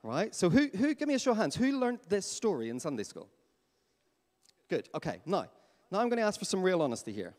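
A man preaching a sermon as pastor in a church, lively and questioning his congregation. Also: sits high, fairly quick. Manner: animated, asks the congregation questions. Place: church hall. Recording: long hall reverb.

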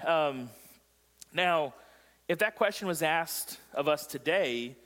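A man's voice: on the high side, expressive, slow, a bit bright, in a large hall. A male pastor preaching a sermon in a joking way, quizzing the congregation as he goes. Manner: joking, asks the congregation questions. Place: church sanctuary.

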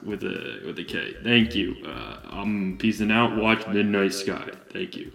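A man putting on a mumbling celebrity presenter, his voice sunk very low and rough with gravel. He sounds set back from the mic, and a crowd murmurs behind him. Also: animated, measured pace, a bit bright, reverberant, recorded from a distance, exaggerated voice.

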